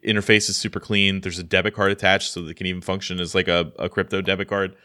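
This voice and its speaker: Bright-voiced American man, rambling podcast chat. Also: sits low, level tone, fast talker. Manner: rambling, self-deprecating, many restarts. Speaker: podcast co-host. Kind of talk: casual chat.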